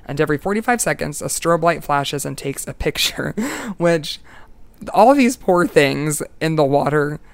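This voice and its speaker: A jokey podcast host rambling through a story with frequent laughs. The voice has a gravelly fry yet stays smooth and resonant. The sound is dry and close. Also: mid-range voice, expressive, measured pace, no echo. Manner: playful, jokey, laughs often. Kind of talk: casual storytelling chat.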